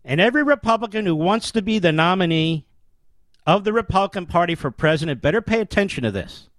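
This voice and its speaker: A man's voice: high voice, expressive, quick pace, a bit bright, dry recording. A man hosting a political talk show, delivering an emphatic, declamatory commentary monologue with lots of rhetorical repetition.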